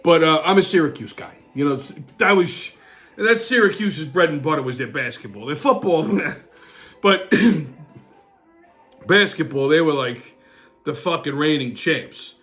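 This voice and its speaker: Loud, crude, high-voiced ranting man. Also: animated, a little slow, faint music behind. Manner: loud, crude, angry ranting, often shouting. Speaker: host of a weekly wrap-up show. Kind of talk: profane rant and casual show segments.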